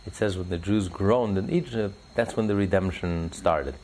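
A man teaching religious ideas in an interview, preacherly, rising sharply in pitch for emphasis and telling stories with acted voices. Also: normal speed, darkish tone, a little hiss or hum, low-quality recording.

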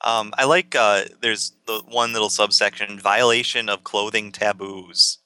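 Bright, clear-voiced man reading casually. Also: on the low side, measured pace, no room sound. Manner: relaxed, reads aloud with many ums and uhs. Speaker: podcast co-host. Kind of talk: casual chat reading aloud.

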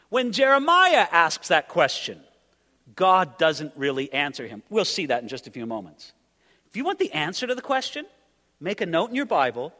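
A male pastor preaching from the pulpit, his voice sitting high and swinging widely in pitch. He talks emphatically and keeps asking the congregation rhetorical questions. The sound rings with the long reverb of a large sanctuary. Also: sharp tone. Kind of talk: expository sermon.

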